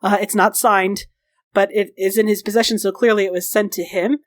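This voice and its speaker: A woman's voice: medium pitch, steady tone, fairly quick, dry recording, clean studio sound. A woman narrating a tabletop game as game master in a casual way, with filler words.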